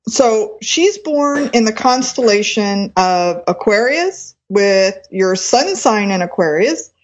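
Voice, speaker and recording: A woman astrologer giving a live reading on the radio, explaining as she goes and stopping to rephrase. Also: a little high. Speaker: astrologer and reverend. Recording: dull lo-fi sound.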